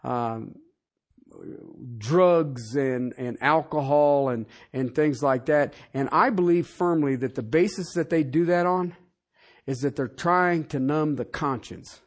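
Taking it slowly, a pastor with a slightly high voice delivers a folksy, colloquial sermon. Rhetorical questions come rapidly as he moves from loud high points to quiet asides.

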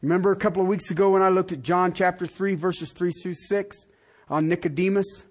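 A man preaching a sermon, asking the congregation direct questions and swinging from loud emphatic lines to quiet ones. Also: high-pitched, steady tone, a little fast. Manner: talks straight to the congregation with rhetorical questions. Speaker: pastor.

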